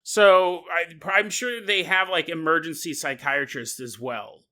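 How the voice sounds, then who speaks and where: Bright-voiced jokey podcast host. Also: male voice, on the high side, unhurried. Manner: jokey, laughs often. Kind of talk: comedic storytelling monologue.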